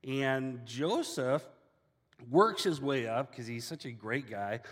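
A man preaching a sermon as a casual, animated storyteller. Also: medium pitch, slow pace, big-room sound. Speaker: pastor.

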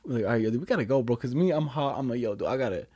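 A man's voice: medium pitch, expressive, racing, warm tone, husky. A young man telling a story in casual chat, full of slang and fillers, laughing often.

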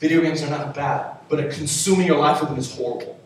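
Talking fast with a fairly high voice over slight background noise, this young youth pastor delivers a sermon featuring a live demonstration. He stands far from the mic in a large, echoing hall, playful and tossing jokes to the crowd.

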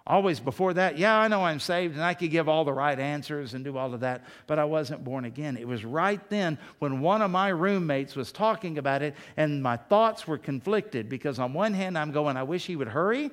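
Man, pastor, middle-aged, preaching, emphatic, fairly high-pitched. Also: normal speed, hardly any pauses. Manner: emphatic, rises high when pressing a point. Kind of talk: sermon.

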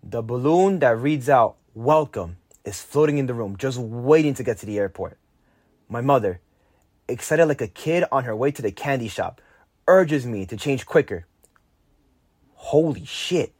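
Teen guy reading out his own story, mid pitch, dry close sound, gets lively. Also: normal speed, no room sound. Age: teens. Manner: lively, jumps higher when quoting his younger self. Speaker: narrator. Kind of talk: reading a personal story aloud.

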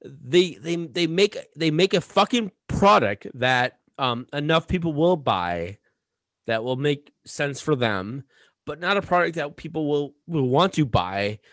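A man's voice: on the high side, expressive, unhurried, a bit bright, no room sound, studio quality. A man co-hosting a podcast, rambling and cursing with many restarts as he rants. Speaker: podcast co-host. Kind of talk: casual podcast chat.

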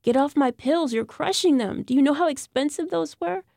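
A drunken, whining actress mother slurs her words and makes demands from a higher pitch, as a woman narrator puts her on. The voice has a gravelly edge with mellow warmth. It sounds dry and close. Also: normal speed, dry recording. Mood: demanding. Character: drunken, slurring, whiny middle-aged actress mother.

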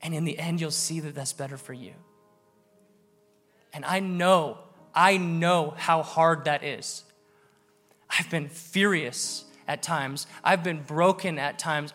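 A man's voice: on the high side, steady tone, a little slow, fairly bright tone, soft background music. Earnest male pastor preaching. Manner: earnest, building to emphatic exhortation. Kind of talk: sermon.

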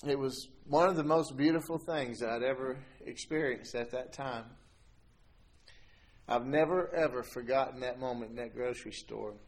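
A middle-aged man recounts a personal faith experience in a relaxed, conversational way. His voice sits at an ordinary pitch and often lifts high when he acts out the people in his story. He laughs now and then as he talks. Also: moderate pace. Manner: animated storyteller who laughs as he tells it. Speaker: guest telling a faith testimony. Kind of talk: casual spoken testimony.

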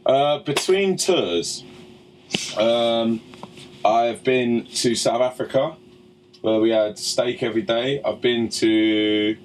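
A man's voice: medium pitch, takes it slowly, a little hiss or hum, rough recording. Joking, foul-mouthed male podcast host. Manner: joking, swears freely. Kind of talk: casual chat.

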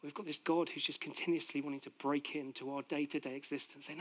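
A middle-aged man preaching a sermon, swinging from loud proclaiming to hushed, intimate lines. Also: fairly high pitch, flat delivery, quick pace, few pauses.

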